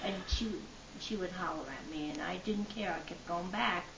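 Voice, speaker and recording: Older woman with a gravelly voice, heard from afar. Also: on the low side, moderate pace. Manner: earnest, lively retelling. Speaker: interviewee. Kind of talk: personal storytelling. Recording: distant, dull, noisy, roomy.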